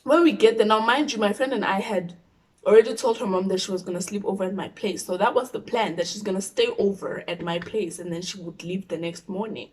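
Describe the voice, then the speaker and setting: A young woman with a South African accent telling a personal story, animated, dropping into whispers for asides. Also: medium pitch, a little fast, far from the mic, poor audio. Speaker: YouTuber. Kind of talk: storytime vlog.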